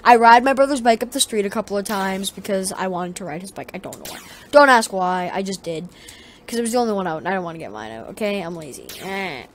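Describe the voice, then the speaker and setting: A woman vlogger telling a story in a casual, rambling way, swearing often and getting animated. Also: medium pitch, quick pace.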